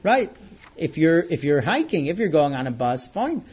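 Lively high-voiced man teaching a Bible story. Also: moderate pace, slightly rough, highs cut off. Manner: animated storyteller, acts out characters' lines. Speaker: Torah teacher. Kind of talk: retelling a Bible story to students.

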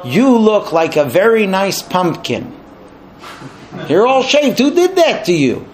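A man's voice: sits high, sing-song, normal speed, soft background music. A man voicing a wealthy wife who mocks her husband and eggs him on with needling questions. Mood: mocking.

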